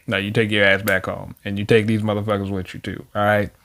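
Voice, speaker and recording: Brief: deep, gruff, dismissive young male superhero, blunt and profane, a man doing the voice. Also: little pitch movement, quick pace, fairly bright tone. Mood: fed up.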